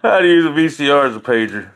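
Jokey man, slightly high voice. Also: big pitch swings, fairly quick, fairly bright tone. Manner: rambling and jokey, laughing often. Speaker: live streamer. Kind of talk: casual live-stream chat.

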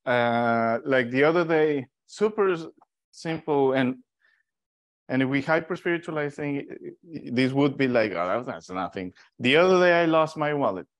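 A man from Mexico teaching an informal Bible study, telling stories in a lively, animated way with restarts. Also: mid-range voice, no echo.

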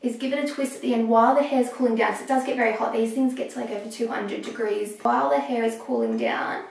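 A young woman talking through a hair tutorial step by step, a little hoarse as she is losing her voice. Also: a little high, steady tone, a little mellow, far from the mic. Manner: chatty, explaining step by step with pauses. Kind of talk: casual how-to talk while working. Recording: echoey room, voice off-mic.

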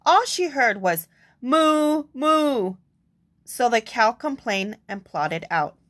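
A woman's voice: medium pitch, very animated, measured pace, a bit bright. A young woman reading a picture book aloud expressively, adding asides to her listeners. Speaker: storyteller.

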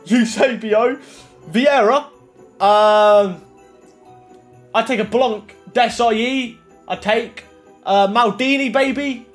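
Excitable young man, high voice. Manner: excitable, swings from muttering to shouting. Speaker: gaming YouTuber. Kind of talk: casual pack-opening commentary. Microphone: desk microphone.

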